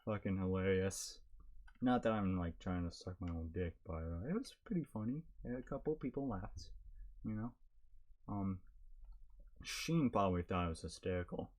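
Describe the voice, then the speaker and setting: Low-voiced young man, rambling podcast chat. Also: normal speed, a little mellow. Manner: rambling, laughs often, many fillers. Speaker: podcast co-host. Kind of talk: casual chat.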